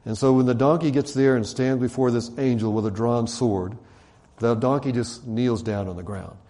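Man preaching a story, mellow voice. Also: medium pitch, normal speed. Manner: conversational, animated retelling with voiced quotes and fillers. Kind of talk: sermon storytelling.

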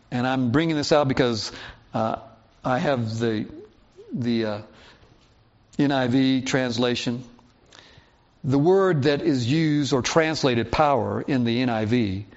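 A man preaching a sermon as a pastor, teaching through Bible passages and reading verses aloud. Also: medium pitch. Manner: expository Bible teaching, reads scripture aloud. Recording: dull lo-fi sound.

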